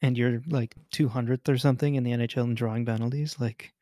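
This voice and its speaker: A man in casual sports chat, speaking quickly with an indignant edge. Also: medium pitch, fairly even intonation, warm tone, dry recording, clean studio sound.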